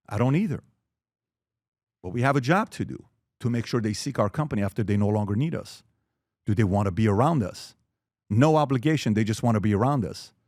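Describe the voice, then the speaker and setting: A man's voice: mid-range voice, no echo, clean studio sound. A man in his forties giving an earnest motivational talk on fatherhood and asking the audience questions. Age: 40s. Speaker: speaker.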